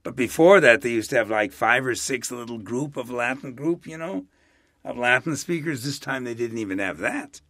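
An older man in a casual interview, speaking in an animated, rambling way with chuckling asides. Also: mid-range voice, moderate pace, no room sound, studio quality. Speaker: interviewee, Latin expert.

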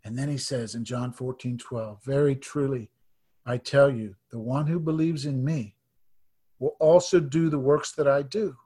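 Man in his fifties, preacher, husky voice, earnest testimony, hushed then emphatic. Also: medium pitch, fairly even intonation, normal speed. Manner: earnest storytelling, swings between hushed and emphatic. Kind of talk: sermon testimony.

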